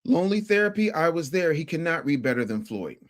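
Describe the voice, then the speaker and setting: A man hosting a casual livestream talk, animated and emphatic, who repeats words and stutters at times. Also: on the high side, fast talker. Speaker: host.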